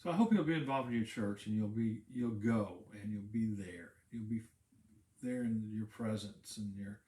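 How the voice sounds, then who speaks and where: A man's voice: on the low side, moderate pace, dark tone. A man, a pastor, giving a casual Bible teaching talk, explaining in a conversational way and repeating words while he thinks. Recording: roomy echo.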